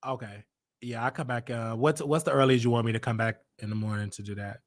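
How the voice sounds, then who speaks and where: A man's voice: mid-range voice, fairly even intonation, fast talker, no room sound. A man from Chicago hosting his own show, telling a personal story in a casual, emphatic way and repeating lines for effect. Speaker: show host.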